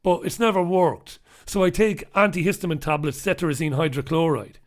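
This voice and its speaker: A man's voice: on the high side, a little fast. Impassioned man hosting a news review. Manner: impassioned and emphatic, repeats points for weight; blunt and swears in anger. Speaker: show host reviewing newspapers. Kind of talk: live solo commentary on the news.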